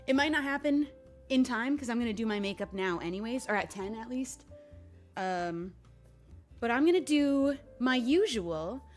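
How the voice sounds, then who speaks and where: A young woman chatting casually on a livestream, bubbly and thanking viewers by name. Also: fairly high pitch. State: hiccuping. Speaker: streamer.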